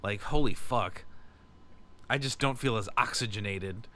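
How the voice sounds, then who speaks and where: Rambling, profane man with a bright voice. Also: on the low side, unhurried, a little hiss or hum. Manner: rambling, profane, self-mocking. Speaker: podcast host. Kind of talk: casual solo podcast monologue. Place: home garage. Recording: bad mic cable, poor audio.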